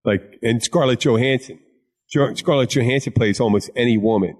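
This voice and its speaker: A man's voice: medium pitch, a little fast. A middle-aged man from Philadelphia co-hosting a casual chat, joking and swearing freely. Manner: profane, joking, jumps into loud put-on voices. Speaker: podcast co-host.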